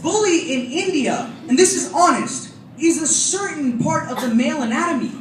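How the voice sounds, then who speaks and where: A teenage boy doing stand-up comedy, telling stories in an animated, self-mocking way on a school auditorium stage. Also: very high voice, normal speed, noisy background. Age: teens. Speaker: student comedian. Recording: echoey hall mic from far off, loud laughter.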